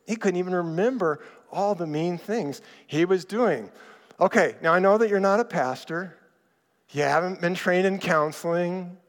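A man preaching a sermon in a conversational, animated way, acting out the people in his stories. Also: high voice, moderate pace. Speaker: pastor. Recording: reverberant hall.

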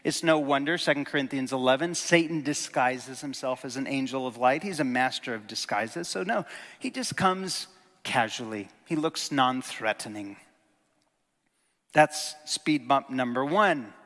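A man preaching a sermon in a conversational, animated way, with jokes and sudden emphatic stresses. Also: medium pitch, measured pace, in a large hall.

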